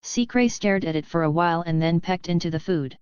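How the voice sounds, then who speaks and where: Smooth, mechanical-sounding female narrator. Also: fairly low pitch, a little fast, no room sound. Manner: even, mechanical reading, even asterisks read aloud. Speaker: audiobook narrator. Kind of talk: synthetic-sounding webnovel narration. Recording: dry, slightly dull lo-fi audio.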